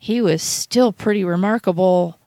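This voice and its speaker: A woman co-hosting a radio show, talking about the Bible in an earnest, halting way with many restarts. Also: mid-range voice, warm tone, no room sound. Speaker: radio co-host. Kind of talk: casual Bible talk.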